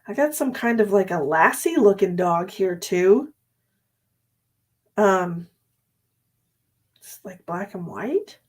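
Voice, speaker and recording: A woman's voice: medium pitch, expressive, slow pace, long pauses, breathy edge. A woman psychic medium giving a live-streamed reading, chatty and sleepy, thinking aloud with many fillers. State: sleepy, yawning.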